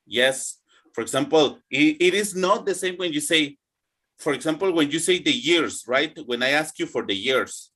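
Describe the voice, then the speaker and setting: A man teaches English numbers in an online pronunciation lesson, with a bright, pushed voice on the high side. He drills students patiently and keeps checking in with them.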